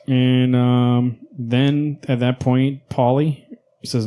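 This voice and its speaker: A man's voice: mid-range voice, level tone, extremely slow, warm tone, clean tone. A man co-hosting a comic book podcast, casually recapping panels with laughs and asides. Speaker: podcast co-host.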